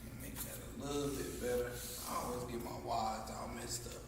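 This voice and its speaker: A man teaching a language class, slowly drawing out and repeating each syllable for the students. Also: mid-range voice, level tone. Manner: slow, drawn-out, repeats pronunciations syllable by syllable. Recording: echoey hall, mic far off, faint noise.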